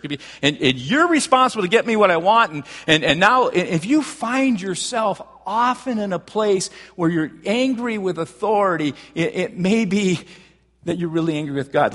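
Man preaching in a reverberant hall. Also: on the high side. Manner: conversational preaching with frequent restarts, rising to animated emphasis. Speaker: pastor. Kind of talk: sermon.

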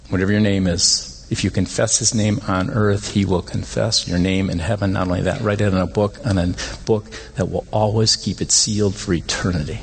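Pastor guy preaching, husky voice, gets animated on his points, echoey sanctuary. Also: a little fast, few pauses. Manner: animated, rises in pitch when making points. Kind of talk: sermon. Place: church sanctuary. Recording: long hall reverb.

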